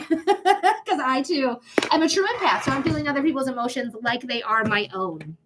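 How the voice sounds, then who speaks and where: High-voiced, blunt, swearing woman psychic. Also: lively intonation, normal speed, noisy background. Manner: chatty and blunt, swears freely. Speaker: psychic reader. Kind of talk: casual live-stream reading.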